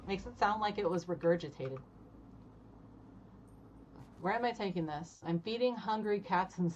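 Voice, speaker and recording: A woman streaming a game live, chatty and excitable, her voice jumping high when she is delighted. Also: measured pace, pauses often, slight background noise. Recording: slightly dull audio with game music.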